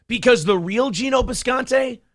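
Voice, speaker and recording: A man hosting a crude comedy show, brash and profane, mocking people in loud rants. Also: extremely high pitch, moderate pace, dry recording, studio quality. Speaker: show host. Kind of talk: crude comedic podcast banter.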